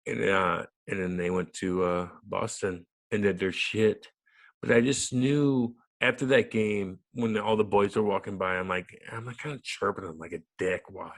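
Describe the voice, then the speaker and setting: A man, a former hockey enforcer turned radio host, telling a loud, profane, animated story in an interview. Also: on the low side, normal speed. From United States.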